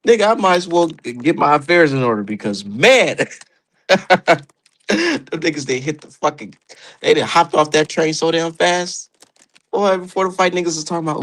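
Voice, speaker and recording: A man's voice: fairly high pitch, lively intonation, moderate pace, fairly bright tone. A man hosting a casual boxing livestream, talking loosely and profanely and laughing at his own jokes. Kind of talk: casual live-stream commentary.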